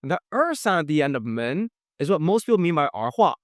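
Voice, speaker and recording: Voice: mid-range voice, very animated, fairly quick, dry recording. A narrator and language teacher giving scripted explainer narration in a playful, jokey way.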